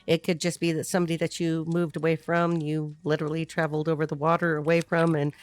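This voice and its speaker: A woman giving a casual, chatty tarot reading, laughing often and tossing in quick asides. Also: low voice, fairly even intonation, no echo. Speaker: tarot reader.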